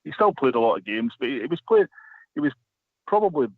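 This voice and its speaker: A man's voice: mid-range voice, big pitch swings, fast talker, breathy edge, no echo. A man telling a long story as a radio guest, rambling with many restarts. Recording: phone line.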